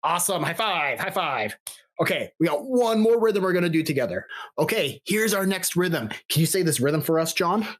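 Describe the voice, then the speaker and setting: A man's voice: fairly high pitch, very animated, moderate pace. A man teaching a recorded music lesson for children, encouraging and counting rhythms aloud with a metronome. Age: adult, father of a young child.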